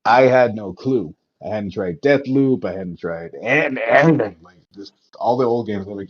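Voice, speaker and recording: Male co-host, lowish voice, dull lo-fi sound, animated and swearing, trails off. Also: normal speed, few pauses, husky. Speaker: podcast co-host. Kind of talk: casual podcast chat.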